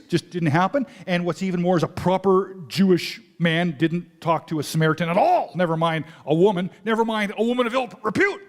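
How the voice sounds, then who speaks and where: A high-pitched male pastor preaching a sermon. He retells the scene in quick, casual dialogue with asides to the congregation.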